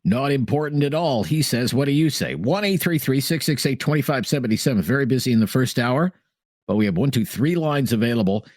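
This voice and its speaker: A man hosting a radio call-in show, briskly steering callers with short acknowledgments. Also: medium pitch, expressive, darkish tone, no room sound, clean studio sound. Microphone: studio microphone.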